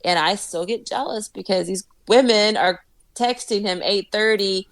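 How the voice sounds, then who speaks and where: Woman podcast guest, lively storytelling, cursing casually, close dry mic. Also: medium pitch, moderate pace, no echo. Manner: animated storyteller, swears freely, laughs often. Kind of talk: casual chat.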